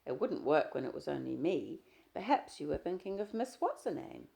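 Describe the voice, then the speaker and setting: A woman's voice: deep voice, very animated, moderate pace, gravelly, dark tone, heavily acted. A woman reading the lines of an insecure, jealous young woman in an audiobook, asking pleading, needling questions. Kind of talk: audiobook character dialogue.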